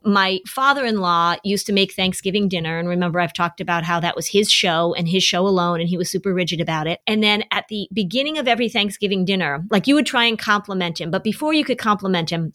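A woman hosting an advice show tells stories in a relaxed, easygoing way. She talks straight to her listeners and playfully acts out the people she quotes. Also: mid-range voice. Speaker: podcast host, family advice. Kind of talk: casual advice talk to listeners.

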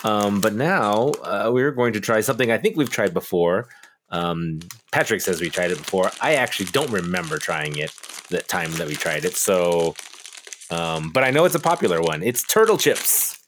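A man's voice: low voice, sing-song, moderate pace, fairly bright tone, a little hiss or hum. A man hosting a podcast segment, talking in a laid-back, meandering way. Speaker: podcast host. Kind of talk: casual podcast talk.

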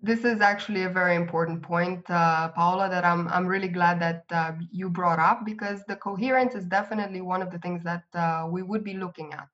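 A woman recruiter answering interview questions in a measured, explanatory way. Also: lowish voice, a bit bright. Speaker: recruiter guest. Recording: slightly dull lo-fi audio.

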